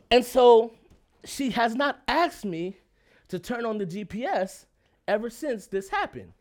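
A man telling a personal story in a lively, emphatic, casual way, often checking in with his listeners and laughing as he talks. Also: high voice, normal speed. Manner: laughs while talking.

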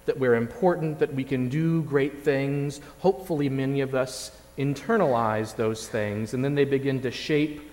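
Man preaching in a reverberant church. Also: medium pitch. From Indiana, USA. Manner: measured, reflective preaching with occasional "uh" fillers and repeated words. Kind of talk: sermon. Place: church sanctuary. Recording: long reverb of a large church.

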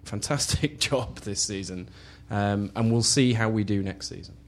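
Opinionated man, low voice. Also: normal speed. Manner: opinionated, hedging with "you know". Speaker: podcast panelist. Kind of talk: casual football podcast chat.

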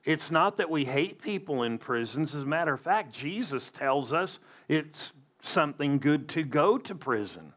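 A man's voice: a little high, lively intonation, normal speed, hardly any pauses, fairly bright tone. A man preaching a sermon as a pastor, emphatic with conversational asides.

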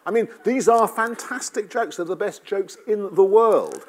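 A man's voice: high-pitched, moderate pace. A middle-aged English man with a light London lilt, telling wry personal stories and jokes to an audience. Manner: wry, animated storytelling with joke delivery. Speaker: speaker giving a talk. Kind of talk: storytelling talk to an audience.

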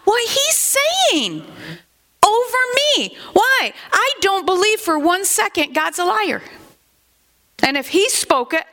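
High-voiced older woman pastor preaching slowly. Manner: animated, conversational preaching with asides. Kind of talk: sermon.

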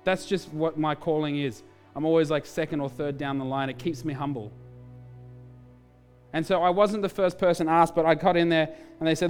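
Male pastor, lively sermon storytelling, faint music underneath. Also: on the high side, clear, resonant tone. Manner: animated storytelling, quick asides.

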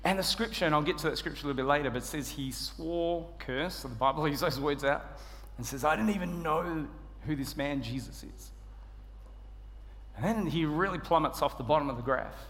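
An Australian man delivers a sermon with a high, bright voice, joking at his own expense as he tells the story. His voice carries a long reverb from the church hall around him. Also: fast talker. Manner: humorous, self-deprecating, animated storytelling. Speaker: preacher.

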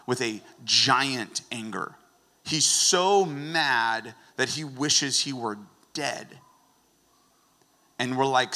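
Bright-voiced man teaching with jokes. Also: mid-range voice, in a large hall. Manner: lively, joking, conversational teaching. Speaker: guest preacher. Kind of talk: sermon.

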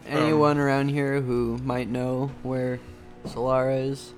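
A man's voice: mid-range voice, level tone, takes it slowly, faint music behind. A man playing a tabletop role-playing game, asking questions in a joking, casual way. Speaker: player.

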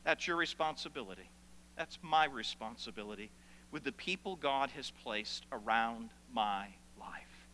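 A man preaching a sermon as pastor in a church, animated and playful with asides to the congregation. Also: medium pitch, unhurried, slight background noise. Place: church sanctuary. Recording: long hall reverb.

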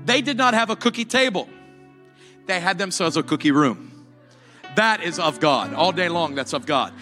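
A man's voice: fairly high pitch, lively intonation, moderate pace, bright, forceful tone, big-room sound, faint music behind. A man preaching a sermon, telling a joking story that builds into fervent preaching. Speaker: pastor.

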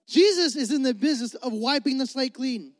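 Young male pastor, high voice, dry close sound, casual preaching. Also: lively intonation, fairly quick, no room sound, soft background music. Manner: conversational preaching, acts out dialogue. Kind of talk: sermon.

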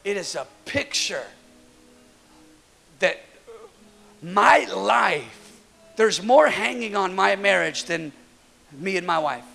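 A man in his thirties preaching a sermon in a church, energetic and storytelling, often repeating words as he builds a point. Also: sits high, slow pace, creaky, pauses often. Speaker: pastor.

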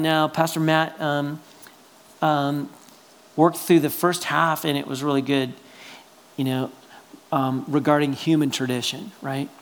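A man preaching a sermon as pastor, talking in a conversational, animated way, often checking in with "right?", and swinging between loud exclamations and quiet asides. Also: a little high.

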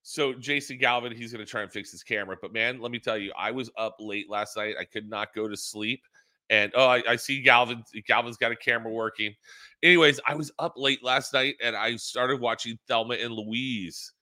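A man's voice: medium pitch, brisk. A middle-aged man co-hosting a casual racing talk show on a video call, telling rambling stories with lots of restarts. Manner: rambling storyteller, animated, many restarts. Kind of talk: casual chat. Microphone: laptop built-in camera mic on a video call.

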